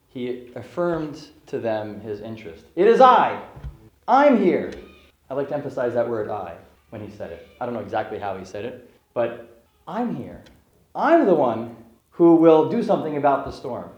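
A man's voice: mid-range voice, darkish tone. Earnest male preacher in an echoey room. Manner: earnest, expository, rising emphasis on key phrases. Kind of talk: sermon.

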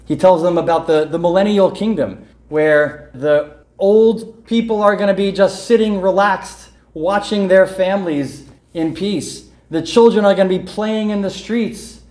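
A man's voice: high voice, measured pace, hardly any pauses, a little mellow. Earnest preacher, a man in an echoey room. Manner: reads scripture aloud, then explains it in earnest, emphatic exhortation. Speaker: pastor. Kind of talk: sermon. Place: church in North Jersey.

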